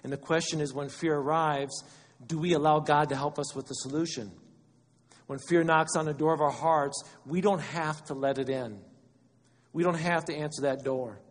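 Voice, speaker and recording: A man preaching a sermon as pastor, animated and conversational, acting out quotes as he goes. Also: a little high, moderate pace, long reverb tail.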